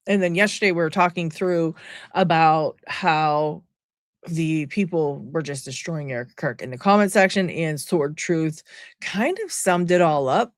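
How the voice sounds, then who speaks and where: A woman's voice: lowish voice, no room sound, clean studio sound. A woman giving casual, sarcastic reaction commentary from home, talking to her viewers. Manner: sarcastic, exasperated, chatty. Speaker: commentary vlogger.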